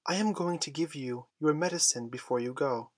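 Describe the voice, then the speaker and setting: A man reading a storybook and voicing a caring, fussing young girl in a husky, raised voice. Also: on the high side, moderate pace, no room sound, studio quality, natural voice. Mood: anxious coaxing. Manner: coaxing, anxious fussing. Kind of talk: audiobook character voice.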